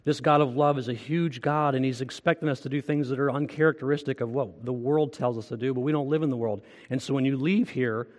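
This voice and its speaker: A man's voice: mid-range voice, in a large hall. A man preaching a sermon as pastor, earnest and conversational, asking the congregation direct questions. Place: church.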